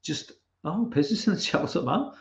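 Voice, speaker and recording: A young man hosts a livestream, reading chat and ranting casually with plenty of swearing and restarts. His voice is slightly high, gravelly, fairly quick, and lively in intonation. The sound is roomy, dull, and lo-fi.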